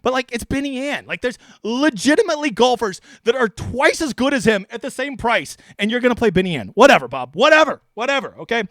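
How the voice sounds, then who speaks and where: Man, very high voice, brash, profane, rambling, casual stream host, dry close sound. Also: expressive, fairly quick, few pauses, dry recording. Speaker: fantasy sports streamer. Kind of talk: casual live stream commentary.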